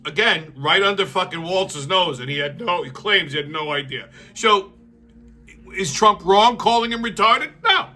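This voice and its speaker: Male host, blunt and profane, fairly high voice with a sharp, forceful edge. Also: animated, normal speed, faint music behind. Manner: blunt, heated, swears constantly. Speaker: show host. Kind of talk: profane political commentary rant.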